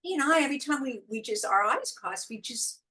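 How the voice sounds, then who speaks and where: A middle-aged woman from the United States chats as an interview guest, her voice sitting a little high and swinging widely as she tells her stories. She laughs often and slips into playful voices for the people she quotes. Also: brisk, poor audio. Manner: animated storytelling, frequent laughs, acts out quoted voices. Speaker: guest, intuitive guide. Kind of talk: casual interview chat.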